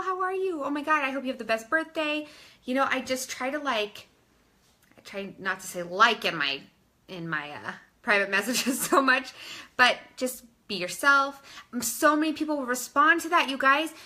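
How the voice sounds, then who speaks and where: A woman's voice: fairly high pitch, sharp tone. A woman coaching her team in a casual instructional talk, chatty and informal, often saying "like" and calling listeners "you guys".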